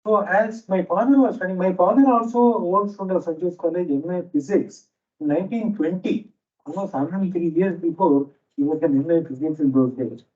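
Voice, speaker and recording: Here a man with an Indian English accent and a high, slightly mellow voice speaks at normal speed, lecturing teachers as a management teacher. He relies on storytelling and repeats key phrases for emphasis. It's a dull, distant hall recording, with a noisy fan in the lecture hall.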